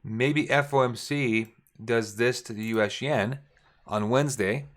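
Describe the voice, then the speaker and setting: A man at a middle pitch leads a casual chart walkthrough for his viewers. He thinks aloud, corrects himself mid-sentence and speaks to the audience directly in a relaxed coaching tone. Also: unhurried. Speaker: forex trading coach.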